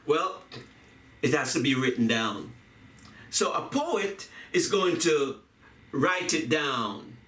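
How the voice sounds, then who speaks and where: A man giving a reflective talk on poetry and music, speaking deliberately, repeating phrases and chanting rhythms aloud. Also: fairly high pitch, fairly bright tone. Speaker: video essayist on poetry and music. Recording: echoey room, voice from a distance.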